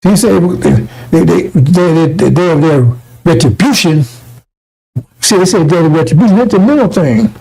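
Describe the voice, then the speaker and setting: Gravelly husky guy ranting, fired up, stumbles and restarts a lot. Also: fairly high pitch, expressive, normal speed, a little mellow, poor audio. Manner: fiery, rambling with many restarts. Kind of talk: emotional spoken commentary.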